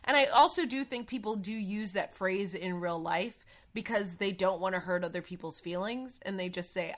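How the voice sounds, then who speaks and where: A woman's voice: medium pitch, moderate pace. A woman from the Midwest co-hosting a casual chat, sarcastic and playful. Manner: animated, sarcastic, playful impressions. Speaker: podcast co-host. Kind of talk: casual chat recapping a dating show.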